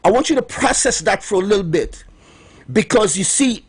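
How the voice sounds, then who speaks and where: Trinidadian man, radio host, husky voice, emphatic, repeats himself, middle-aged. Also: sits high, expressive. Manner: emphatic, repeats key points slowly. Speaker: radio host promoting herbal remedies. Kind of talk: morning radio talk.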